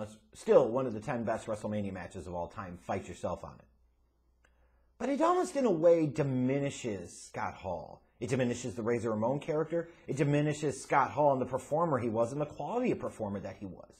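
A man's voice: medium pitch, big pitch swings, a little fast, darkish tone. A man hosting a wrestling commentary channel, delivering an opinionated monologue in an emphatic, blunt way with casual swearing.

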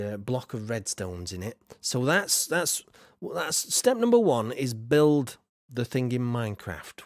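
A man's voice: medium pitch, no room sound, clean studio sound. A man streaming a game, casually reading viewers' comments aloud and chatting with frequent fillers. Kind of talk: casual live-stream chat.

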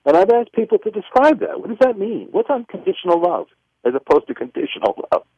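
Animated man telling a story on a muffled radio phone line. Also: high-pitched, quick pace, husky, no echo. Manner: lively, acts out both sides of remembered dialogue. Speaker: author and filmmaker guest.

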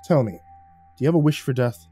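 A man voicing a stern older male caretaker boss with a heavy Eastern European accent, speaking slowly and gravely. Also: medium pitch, animated, dark tone, faint music behind. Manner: grave, slow, commanding.

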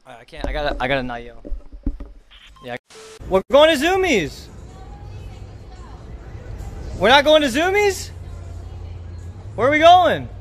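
A man streaming live, loud and excitable, cursing and joking with friends. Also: extremely high pitch, normal speed, long pauses, faint music behind. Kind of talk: rowdy livestream chat.

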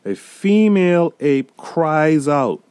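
A man hosting a solo podcast, talking through a film in an emphatic, deliberate way and speaking straight to his listeners. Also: fairly high pitch, sing-song, a little mellow, clean tone, dry recording. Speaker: podcast host reviewing a film.

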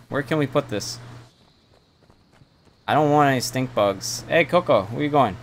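A man's voice: mid-range voice, lively intonation, moderate pace, pauses often, fairly bright tone. A man streaming a game, thinking aloud and chatting with his viewers in a casual way. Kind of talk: casual gameplay commentary.

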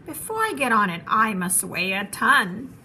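A woman doing a gentle, faithful elephant. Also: on the high side, sing-song, a little slow, slight background noise, full character voice. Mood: earnest.

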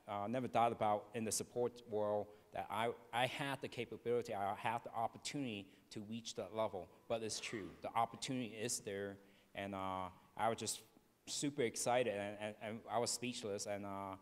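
Male airman, lowish voice, halting, restarts, hall reverb. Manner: halting, with repeated starts and fillers. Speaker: airman award honoree on a panel. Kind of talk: personal recollection on stage. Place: symposium hall on stage. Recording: reverberant auditorium.

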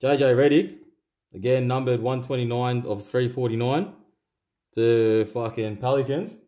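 In his card-opening channel video, a young Aussie swears nonstop and reels off player names as he chats along. He speaks in a warm, steady, mid-range voice at a measured pace.

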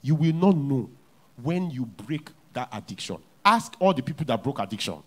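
A man preaching a sermon as pastor in a church, with a Nigerian English accent, repeating key lines and swinging from hushed to loud. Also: mid-range voice, big pitch swings, moderate pace.

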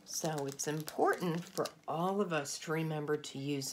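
A woman teacher reading a picture book aloud to young children, gentle and pointing out the pictures as she goes. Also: deep voice, normal speed, a little hiss or hum. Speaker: nursery school teacher. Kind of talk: storybook read-aloud for children.

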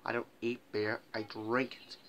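Man faking a London accent, chummy beer-drinking bloke, bright voice, mate every line. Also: on the low side, little pitch movement, normal speed, slight background noise, natural voice. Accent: put-on London. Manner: repeats "mate" in a loose, goofy put-on.

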